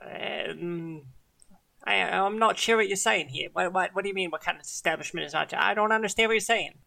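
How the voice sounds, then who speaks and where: A flustered teenage barkeep, as a man puts him on in a tabletop game, stammering and squeaking high above his own voice. The tone is bright and edged with gravel. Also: normal speed, heavily acted. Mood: baffled. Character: sleepy startled teenage male barkeep.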